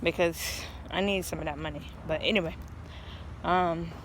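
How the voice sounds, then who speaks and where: A woman's voice: lowish voice, fairly even intonation, normal speed, slight background noise. A woman telling a long personal story in a casual vlog, rambling and earnest, often restarting her sentences, speaking outdoors. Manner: rambling, earnest, stop-start. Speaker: vlogger.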